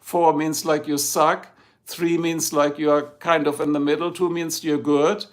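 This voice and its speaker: A man's voice: fairly high pitch, little pitch movement, unhurried. A middle-aged man from Germany whose first language is German, speaking English with a German accent as he hosts a rambling, casual livestream chat. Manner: rambling, talks straight to the chat. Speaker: livestream host.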